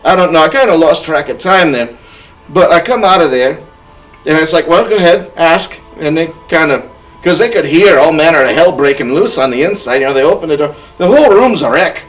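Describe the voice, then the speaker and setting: A man's voice: on the high side, lively intonation, fairly quick, far from the mic, lo-fi sound, faint music behind, close to an everyday voice. A man playing a boastful, bawdy male dwarf warrior who tells a rambling tavern tale in character. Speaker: player telling an in-character story. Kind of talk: in-character storytelling.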